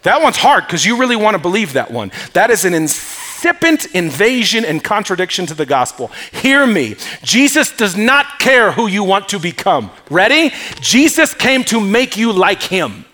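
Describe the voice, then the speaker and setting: A man's voice: high-pitched, big pitch swings, normal speed, hardly any pauses, pushed and bright. A male pastor preaching a sermon in an emphatic way, calling on the congregation to respond. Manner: emphatic, calls for audience response. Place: church.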